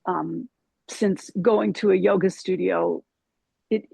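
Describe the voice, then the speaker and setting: A yoga teacher talking slowly in a casual spiritual chat, halting with many ums and restarts. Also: female voice, lowish voice, fairly even intonation, gravelly, warm tone, slightly rough, no room sound.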